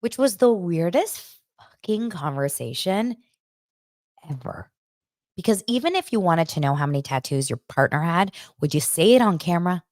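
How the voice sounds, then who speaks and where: Woman podcast host gossiping about reality tv, super animated, voice jumps all over, dry close sound. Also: on the low side, moderate pace, dry recording. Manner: chatty, gossipy, animated storyteller. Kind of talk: casual reality TV recap.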